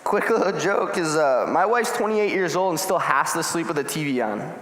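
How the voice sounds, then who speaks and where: High-voiced young preacher in an echoey hall. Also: male voice, normal speed. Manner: animated storytelling, acts out scenes. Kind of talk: casual youth sermon.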